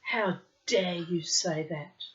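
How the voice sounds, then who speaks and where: A woman's voice: fairly low pitch, slow pace, fairly bright tone, muffled recording. A woman reading as a bitter defiant young Frenchwoman.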